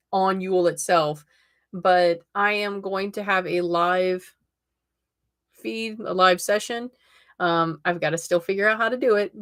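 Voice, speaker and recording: A woman's voice: mid-range voice, fairly bright tone. A woman in her forties hosting a casual live stream and reading tarot cards, chatty and laughing often as she talks to her viewers. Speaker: host.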